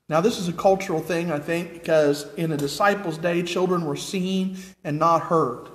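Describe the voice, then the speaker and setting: Earnest American male preacher with a high voice. He preaches in a reverberant church hall. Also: fairly even intonation, moderate pace, few pauses. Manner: earnest, asks the congregation repeated questions. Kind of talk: sermon. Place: church sanctuary with nearly empty pews.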